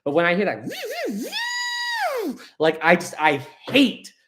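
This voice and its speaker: Young man, live stream host, rambling casual chat, slightly higher voice, laughs often. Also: expressive, normal speed, fairly bright tone, a little hiss or hum.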